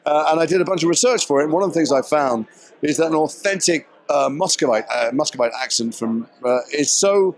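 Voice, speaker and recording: A man's voice: a little high, lively intonation, a little fast. A man being interviewed as an actor at a red carpet premiere, explaining his work in a thoughtful, articulate way.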